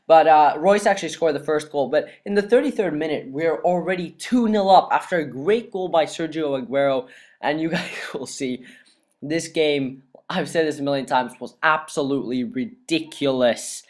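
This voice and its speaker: A young man narrates his football video game match in a recorded voice-over, laughing and swearing as he gets excited. His voice is dry and cracking, sounding a little strained throughout. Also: fairly high pitch, normal speed. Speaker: gaming YouTuber. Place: cold room at home.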